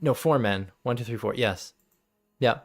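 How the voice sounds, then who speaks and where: A man's voice: mid-range voice, unhurried. A young man recapping a tabletop game as game master, rambling with lots of fillers and laughter.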